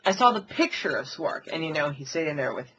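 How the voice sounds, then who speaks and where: A woman's voice: deep voice, big pitch swings, a little fast, lo-fi sound, background noise. A woman voice actress chatting casually about her characters, rambling with lots of fillers. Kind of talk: casual behind-the-scenes chat.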